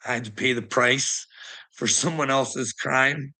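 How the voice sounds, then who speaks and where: A middle-aged man rants in a gravelly, tense voice, swearing freely and breaking into laughter. He taunts someone he calls "bud". His tone stays sharp and edgy. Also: mid-range voice, steady tone, a little slow. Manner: taunting, addresses the listener as bud. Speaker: vlogger. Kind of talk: profane ranting monologue.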